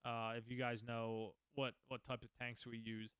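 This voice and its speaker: Bright, crisp-voiced man telling stories. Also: mid-range voice, level tone, moderate pace, no echo. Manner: rambling, profane, candid. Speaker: podcast host. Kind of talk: casual storytelling.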